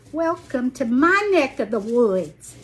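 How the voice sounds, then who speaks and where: Woman, late sixties, Southern Alabama accent, folksy livestream chat, slow easy pace, faint background noise. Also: sits high. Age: 60s. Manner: folksy, chatty, greets viewers by name. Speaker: craft livestream host. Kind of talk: casual livestream chat while crafting.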